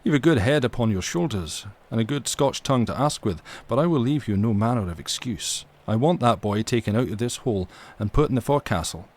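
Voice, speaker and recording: A man voicing a blunt, sharp-tongued ship's mate. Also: medium pitch, expressive, fairly quick, few pauses, close to an everyday voice. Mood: pressing.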